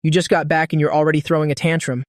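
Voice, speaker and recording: A cool, domineering young woman president teases and commands, as a man reads her lines. Her voice is his own somewhat high one, barely changed. The sound is dry and close. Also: little pitch movement, very fast, no room sound, natural voice. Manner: cool, indulgent, teasing.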